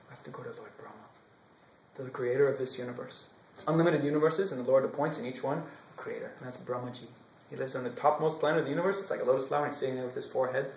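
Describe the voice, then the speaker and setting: A man telling a devotional story expressively, shifting from loud to whispered passages. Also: medium pitch, steady tone, very fast, roomy sound, slight background noise, low-quality recording. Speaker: storyteller monk.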